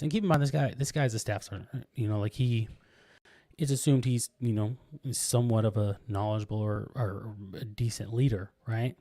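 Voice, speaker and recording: A man tells a story in casual podcast chat. His voice is mellow and dark, and the sound is dry and close. He rambles, restarting sentences and leaning on fillers. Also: on the low side, fairly even intonation, normal speed, no room sound. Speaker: podcast co-host. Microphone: podcast microphone.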